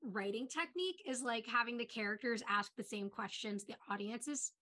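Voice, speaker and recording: A young woman co-hosting a podcast, chatting casually and retelling a TV episode in a quick, chatty way full of "like"s. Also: a little high, sharp tone. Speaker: podcast co-host. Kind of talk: casual chat recapping a TV episode.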